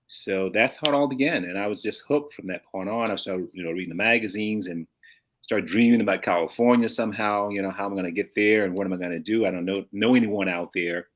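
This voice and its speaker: A man in his sixties from St. Louis tells anecdotes in a fairly low voice. He wanders, restarts his sentences and chuckles as he goes. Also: quick pace. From St. Louis, USA. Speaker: guest. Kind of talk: casual storytelling.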